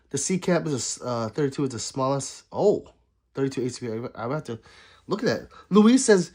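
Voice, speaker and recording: Male streamer, husky tone, lively pitch, jokey chat-reading delivery. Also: moderate pace. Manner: joking, banters with chat. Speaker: livestreamer. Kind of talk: casual livestream chat reading.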